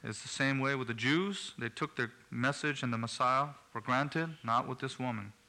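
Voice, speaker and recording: A man's voice: medium pitch, moderate pace, sharp tone. A man preaching a sermon in an earnest way, rising to emphatic bursts.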